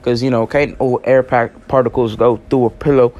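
A man's voice: medium pitch, little pitch movement, moderate pace, a little mellow, dull audio. Rambling teen guy cracking jokes. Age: late teens. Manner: rambling, joking, heavy slang and cussing. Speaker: podcast host. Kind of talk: casual solo podcast monologue.

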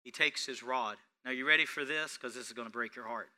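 A man preaching a sermon as pastor, swinging between hushed storytelling and loud, emphatic lines. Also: mid-range voice, fast talker.

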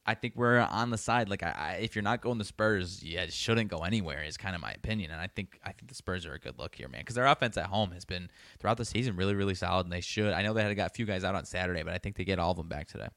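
A man's voice: low voice, fast, hardly any pauses, fairly bright tone, no echo, clean studio sound. A man co-hosting a sports betting show, giving easygoing analysis in casual chat. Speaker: co-host.

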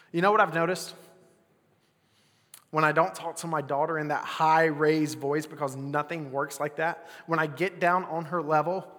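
A young adult man preaching a casual sermon as pastor, swinging between loud bursts and near-whispers. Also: on the high side, big-room sound.

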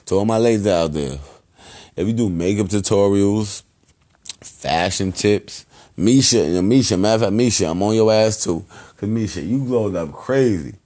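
A man hosting a podcast, giving loose, rambling shout-outs in heavy slang and profanity. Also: lowish voice, normal speed. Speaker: podcast host.

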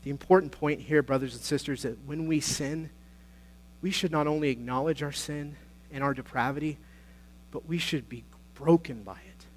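A man preaching a sermon as pastor, earnest and exhorting, moving between quiet passages and louder, urgent appeals. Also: on the high side, moderate pace. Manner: earnest, exhorting, swings between soft and loud.

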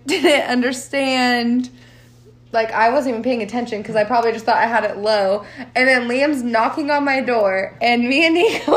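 A woman in her thirties co-hosting a casual podcast chat, swearing freely and laughing through her stories. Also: high-pitched. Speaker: podcast co-host.

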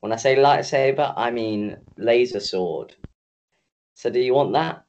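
A man's voice: medium pitch, unhurried, darkish tone, highs cut off. A man co-hosting a podcast in casual chat, ranting, swearing freely and teasing his co-host.

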